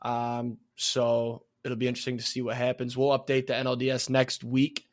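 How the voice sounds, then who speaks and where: A man's voice: mid-range voice, completely flat delivery, normal speed. A man co-hosting a podcast, chatting about sports in a laid-back, teasing way. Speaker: podcast co-host. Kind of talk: casual sports chat.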